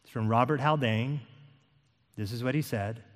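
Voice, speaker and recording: A man preaching a sermon to a congregation, reading scripture slowly and pressing each point with emphasis. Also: medium pitch. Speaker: pastor. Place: church sanctuary. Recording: long hall reverb.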